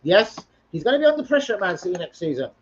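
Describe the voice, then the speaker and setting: A man hosting a football live stream, talking a touch higher than most men in a loose, rambling way, with plenty of swearing and banter aimed at his viewers. He is speaking into a streaming mic, and the sound comes through slightly dull, as if the top end were trimmed off. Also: very animated, fast talker, a little hiss or hum. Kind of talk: casual football live stream chat, reading comments.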